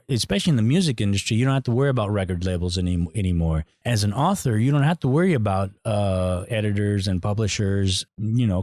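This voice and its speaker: A middle-aged man hosting a podcast, giving a blunt, profane, animated monologue. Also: on the low side, no room sound, studio quality. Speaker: podcast host. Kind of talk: casual opinionated monologue.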